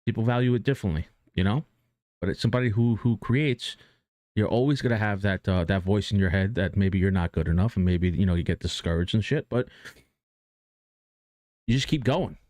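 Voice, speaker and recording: Low-voiced man giving rambling pep talk. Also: brisk, darkish tone, dry recording, studio quality. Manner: rambling and earnest, many restarts and fillers, casual swearing. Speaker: streamer. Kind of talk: casual motivational talk on a live stream.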